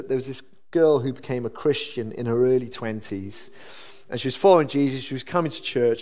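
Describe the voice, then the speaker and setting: Earnest man preaching. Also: medium pitch. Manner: earnest, conversational preaching with restarts and lively rises. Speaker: pastor. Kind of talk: sermon. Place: church.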